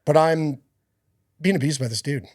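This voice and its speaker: A man's voice: a little high, normal speed, darkish tone, dry recording, clean studio sound. A man speaking as a podcast guest, giving an earnest, rambling personal faith testimony with many fillers and restarts.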